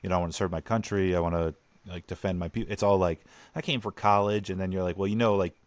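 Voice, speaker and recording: Young guy w a low voice, chatting on a podcast, loves doing mocking voices. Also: quick pace, no echo. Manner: animated, mocks people in put-on voices. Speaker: podcast co-host. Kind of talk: casual chat.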